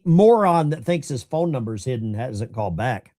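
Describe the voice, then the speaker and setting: A middle-aged man hosts a live call-in show in a casual, rambling style. His pitch rises and falls freely, and the dry, close sound carries no room echo. He never stops talking. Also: moderate pace. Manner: animated, chatty, rambling. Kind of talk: casual livestream talk.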